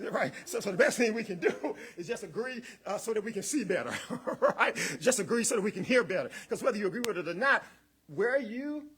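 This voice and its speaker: A man's voice: high-pitched, fairly bright tone. A man preaching a rousing sermon as guest minister, repeating words, building in waves, calling out to the congregation and chuckling between points.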